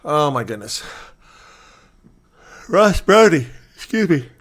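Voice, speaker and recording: Excitable man calling rugby play-by-play. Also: on the high side, takes it slowly. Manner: swings from calm asides to excited shouting on breaks. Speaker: rugby commentator. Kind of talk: live watch-along play-by-play commentary.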